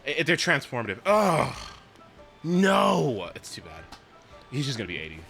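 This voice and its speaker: A young man live-streaming a video game in casual chat, swearing often and swinging from mumbles to shouts. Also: mid-range voice, huge pitch swings, moderate pace, vocal fry, faint music behind.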